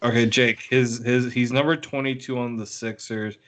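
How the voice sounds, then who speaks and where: A man talking sports on a podcast, rambling and filling pauses with "like". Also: mid-range voice, level tone, a bit bright. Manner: rambling, heavy use of "like". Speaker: podcast co-host and sports reporter. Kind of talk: casual chat.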